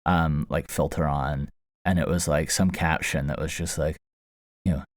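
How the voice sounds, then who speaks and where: This podcast host has a very deep voice, moderate pace, and fairly even intonation as he rambles through a funny story, amused, with plenty of fillers and restarts. A close studio mic in a small foam-lined booth captures him with no room sound, very dry and close.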